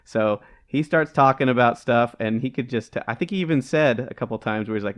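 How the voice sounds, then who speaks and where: A man's voice: mid-range voice, a little fast, few pauses. A man co-hosting a podcast in casual chat, rambling and hunting for words with lots of fillers. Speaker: podcast co-host.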